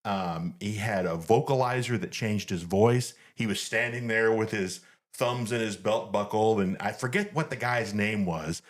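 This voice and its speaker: A middle-aged man hosting a family podcast, telling anecdotes in an animated way and laughing at them. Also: fairly low pitch, moderate pace, few pauses. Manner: animated storyteller, laughs at his own anecdotes. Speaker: podcast host. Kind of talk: casual family chat.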